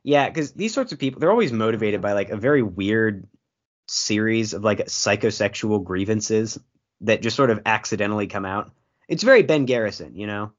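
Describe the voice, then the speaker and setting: A man's voice: on the low side, expressive, normal speed. A man co-hosting a podcast in casual comedic chat, sarcastic with dry jokes and frequent ums. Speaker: podcast co-host. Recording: dull lo-fi podcast audio.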